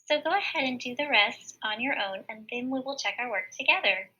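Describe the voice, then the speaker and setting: A fairly high, bright voice from a woman teaching a recorded word study lesson to young children. She is patient and sounds out each syllable slowly and clearly. The recording is a bit dull and lo-fi. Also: expressive.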